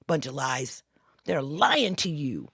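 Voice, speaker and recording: Gravelly, animated woman giving a pep talk. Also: a bass voice, slow, no room sound, clean studio sound. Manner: animated, acts out inner voices, drops to hushed intensity. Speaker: co-host, spiritual coach. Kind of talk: spontaneous motivational talk.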